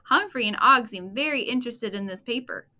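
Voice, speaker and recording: A woman reading aloud and voicing a kind, calm female teacher in a children's storybook. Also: on the high side, brisk. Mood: gentle. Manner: gentle, calm. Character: kind warm female schoolteacher.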